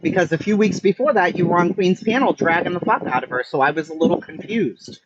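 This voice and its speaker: A man's voice: sits high, quick pace. A man, an online streamer, ranting in blunt, profane, emphatic commentary. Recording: muffled with steady background noise.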